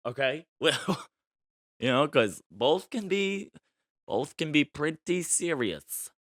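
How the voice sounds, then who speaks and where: A man's voice: fairly high pitch, very animated, slow, fairly bright tone, dry recording, clean studio sound. A man hosting a solo podcast in a casual, playful style, boasting tongue-in-cheek and chatting loosely about the news. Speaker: podcast host.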